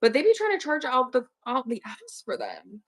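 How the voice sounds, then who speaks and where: A woman's voice: sits high, sing-song, moderate pace. A young woman chatting casually with viewers on her own livestream, slangy and talkative. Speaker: online reseller hosting a livestream.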